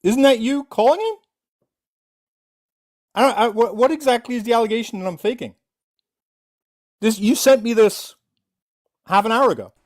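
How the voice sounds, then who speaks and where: A livestreamer giving callout commentary in an animated, mocking way. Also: medium pitch, normal speed, long pauses.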